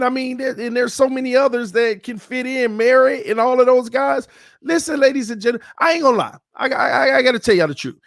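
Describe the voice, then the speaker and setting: A fired-up man talks football straight to his viewers. His voice sits high and the sound is close and dry, with no room around it. He repeats his points, mutters low and then bursts into shouts. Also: no room sound. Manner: hyped, repetitive, swings from low muttering to shouting. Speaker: sports channel host. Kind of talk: fan commentary on football.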